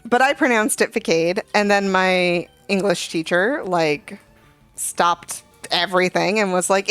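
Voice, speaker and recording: A woman's voice: medium pitch, unhurried, a bit bright, clear, resonant tone, no room sound. A young adult woman streaming a game, chatting casually and telling a rambling story full of fillers and asides. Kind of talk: casual gaming chat. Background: faint game music.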